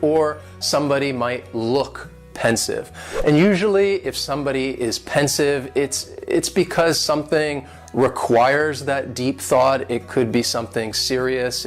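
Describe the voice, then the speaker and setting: A man teaching English vocabulary, patiently breaking words into syllables and stress. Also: medium pitch. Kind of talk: vocabulary and pronunciation lesson.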